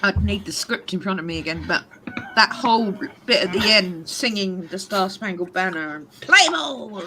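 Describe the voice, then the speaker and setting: A woman's voice: medium pitch, normal speed, noisy background. A British woman chatting casually with friends, laughing and teasing as she talks. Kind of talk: casual group chat.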